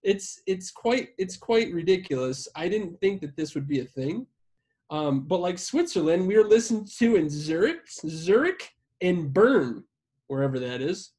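A man's voice: high voice, very animated, measured pace, darkish tone. A man co-hosting a podcast in casual chat, swearing freely and rambling in a self-deprecating way. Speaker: podcast co-host.

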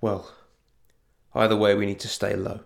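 A man voicing a steady, measured male adventurer making plans. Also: on the low side, vocal fry. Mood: calm.

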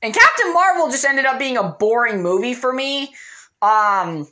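Opinionated woman with a brightish voice. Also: on the high side, sing-song, moderate pace. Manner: candid, opinionated, frequent fillers and swearing. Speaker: movie commentator. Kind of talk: casual opinion monologue.

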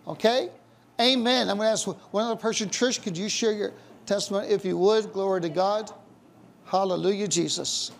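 A man's voice: high voice, moderate pace, vocal fry. A male pastor leading a charismatic church service, fervent and punctuating his talk with amens and hallelujahs.

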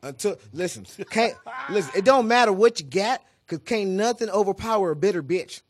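A man in casual banter, telling stories with slang and a steady refrain of "you know what I'm saying.". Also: high-pitched, a little fast, husky. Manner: animated, storytelling with swings into quoted voices.

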